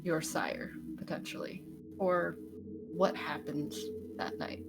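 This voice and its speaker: Upbeat woman player with a low, fry-edged voice, over background music. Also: fairly even intonation, slow. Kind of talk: casual tabletop game chat. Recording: music playing behind.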